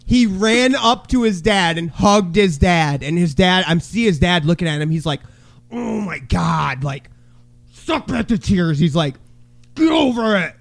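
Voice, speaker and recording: A man co-hosting a podcast in casual chat, telling a loud, crude story and shouting the lines he quotes. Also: sits high, expressive, moderate pace. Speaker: podcast co-host.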